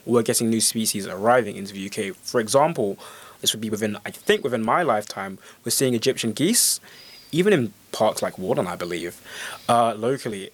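A man's voice: on the low side, animated, a little fast, breathy edge. A man co-hosting a radio chat, explaining things fluently. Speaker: radio co-host.

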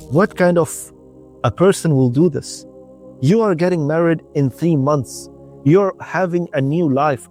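Male preacher for a radio reminder; earnest storytelling in slow, broken-up phrases over faint background music. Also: a little high, darkish tone. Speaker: religious speaker.

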